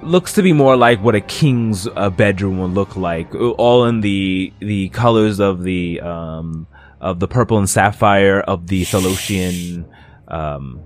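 A man narrating a tabletop game as game master, rambling with many fillers. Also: low-pitched.

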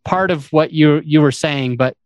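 Male podcast host, explanatory casual chat, a touch high-pitched, dry studio sound. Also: normal speed, dry recording, highs cut off.

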